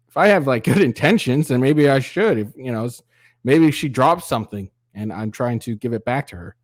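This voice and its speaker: A man's voice: medium pitch, animated, normal speed, darkish tone, no echo, studio quality. Sarcastic man hosting reaction commentary. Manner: mocking, profane, mimics voices. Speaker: commentary channel host.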